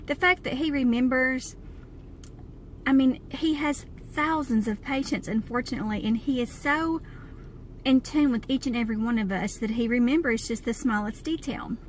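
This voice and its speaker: A woman with a Southern US accent, talking to camera with candid, plainspoken chat from inside a car. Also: high-pitched. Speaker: vlogger. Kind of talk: casual talk to camera. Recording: clear car road noise.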